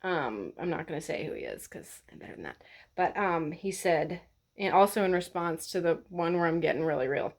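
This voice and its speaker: Blunt, sarcastic woman with a lowish voice. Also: very animated, fairly quick. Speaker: vlogger. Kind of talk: casual ranting vlog.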